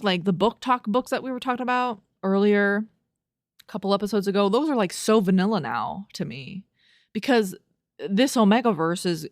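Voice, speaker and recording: Recorded dry at studio quality, a young woman with a mid-range voice hosts a casual solo podcast. She reads review quotes out loud and riffs on them, laughing and cursing in disbelief.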